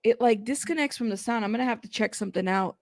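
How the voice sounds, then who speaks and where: A woman's voice: fairly high pitch, fast talker, darkish tone, dry recording. A woman hosting a casual reaction commentary stream, chatty and exasperated, often laughing. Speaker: commentary channel host.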